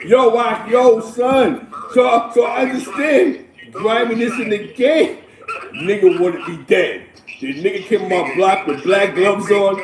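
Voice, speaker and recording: A man casually telling street stories on a podcast, animated and streetwise, laughing as he goes and often asking "you know what I'm saying.". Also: high-pitched, measured pace, roomy sound, crowd noise, low-quality recording.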